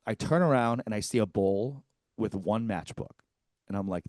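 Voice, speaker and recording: A man's voice: lowish voice, normal speed, no echo, studio quality. A man co-hosting a comedy podcast, telling a story with lots of swearing and acted-out quotes. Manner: animated, profane, acts out quotes.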